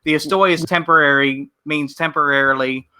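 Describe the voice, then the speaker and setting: A man's voice: a little high, fairly even intonation, moderate pace, bright, forceful tone, smooth. A man chatting on a casual podcast, rambling and swearing freely. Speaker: podcast co-host.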